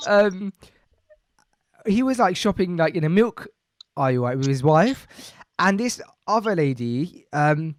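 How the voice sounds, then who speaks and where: A young man with a high, light voice chats on a podcast. He tells stories with animated, slangy energy and acts out the voices of the people in them. The sound is close and dry, with no room around it. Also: no echo. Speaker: podcast co-host. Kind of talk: casual storytelling chat.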